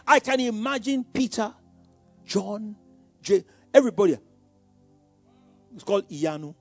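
A man preaches a sermon in a very high-pitched voice, calling out questions to the congregation and swinging from hushed tones to shouts. The recording is dry.

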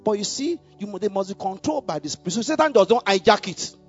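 Guy preaching, high husky voice, swells up loud on key lines, muffled recording w faint music behind. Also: lively intonation, quick pace. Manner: preaching with rising emphatic bursts, asks congregation for response. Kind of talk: sermon.

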